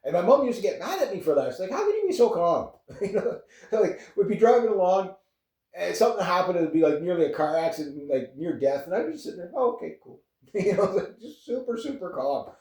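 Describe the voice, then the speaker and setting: A Canadian man in his fifties vlogs to camera, chatting casually and rambling in a laid-back style with lots of chuckles. He has a high-pitched, darkish voice, brisk and lively in intonation, and the echoey room leaves him sounding distant from the mic.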